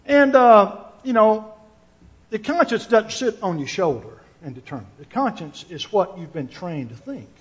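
Lively intonation and a measured pace mark this high-voiced male preacher. Earnest throughout a sermon with scripture reading, he repeats words while thinking and asks the listeners questions; the recording is dull and lo-fi.

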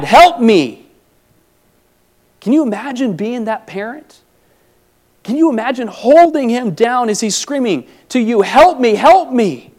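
High-voiced earnest male preacher. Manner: earnest, rising to emphatic peaks; drops low and soft on reflective lines. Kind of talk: sermon.

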